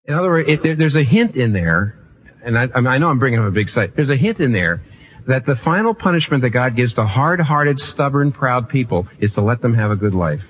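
A man preaching a sermon in an animated way, often repeating phrases and restarting sentences. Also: mid-range voice, brisk, muffled recording, a little hiss or hum. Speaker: pastor.

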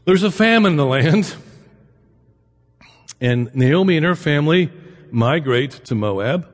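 A middle-aged man gives a chatty lecture, weaving anecdotes into his points and tossing rhetorical questions at his listeners. His voice sits slightly high for a man. A long hall reverb trails behind every phrase. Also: expressive, measured pace. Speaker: lecturer on the Bible and immigration.

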